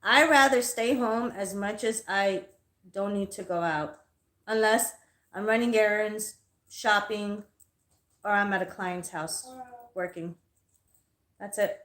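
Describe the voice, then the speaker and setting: A woman's voice: mid-range voice, slow, pauses often, a bit bright. A woman hosting a casual livestream as a psychic reader, telling stories in a heated, profane way and sounding tired. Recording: echoey room.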